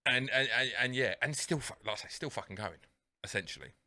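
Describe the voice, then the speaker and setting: A man co-hosting a casual podcast, his voice bright and cutting. He rambles through his points with plenty of swearing and false starts. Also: medium pitch, animated, fast talker. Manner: rambling, sweary, restarts often. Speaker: podcast co-host. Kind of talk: casual chat.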